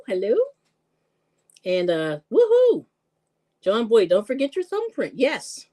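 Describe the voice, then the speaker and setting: Bubbly lady cooking on a live stream, laughs a lot, voice jumps all over. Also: mid-range voice. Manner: bubbly, laughs often, greets viewers with excited squeals. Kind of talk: casual live-stream chat.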